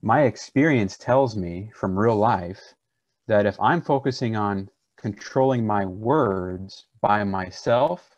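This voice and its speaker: A man's voice: lowish voice, slow pace, no echo, muffled recording. A pastor, a man, teaching a seminar on preaching in an earnest, conversational way, often restarting his sentences.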